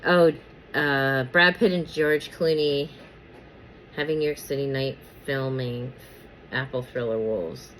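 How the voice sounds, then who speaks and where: A woman's voice: extremely low pitch, steady tone, slow pace, a bit bright, a little hiss or hum, low-quality recording. A woman chatting casually about celebrity gossip while doing her makeup, rambling with many fillers and repeats, and sometimes whispering names as she pulls cards.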